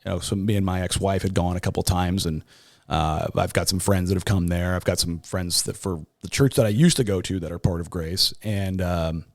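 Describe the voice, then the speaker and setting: Lowish-voiced man telling a raw testimony. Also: steady tone, creaky, dry recording, studio quality. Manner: halting and raw, with many restarts and "uh"s; voice jumps much higher when quoting others. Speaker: podcast guest, sports talk show host. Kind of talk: emotional personal testimony in an interview.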